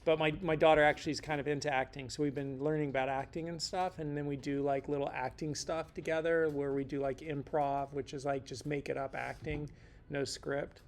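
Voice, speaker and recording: A man's voice: on the high side, flat delivery, brisk, a little hiss or hum. A middle-aged man teaching a casual lecture in a rambling, joking way, full of slangy asides. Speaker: instructor.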